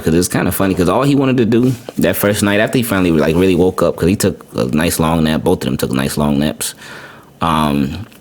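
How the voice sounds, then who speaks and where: A man hosting a podcast, telling a personal story casually, often repeating words and adding "man". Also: low voice. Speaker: podcast host. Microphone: podcast microphone.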